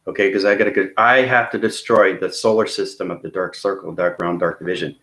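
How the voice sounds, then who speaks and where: A man with a lowish voice talks straight to his viewers in a long, rambling vlog monologue. He is intense and earnest, and he keeps tagging his sentences with "okay?" and "right?" to check that they are following. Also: fairly even intonation, a little fast, a bit bright. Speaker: spiritual vlogger.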